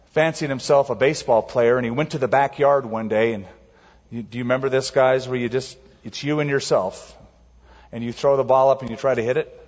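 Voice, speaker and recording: Male pastor, slightly husky, lively storyteller, long church echo. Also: medium pitch. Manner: animated storytelling, acting out quotes in a raised voice. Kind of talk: sermon. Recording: muffled sound in a large reverberant hall.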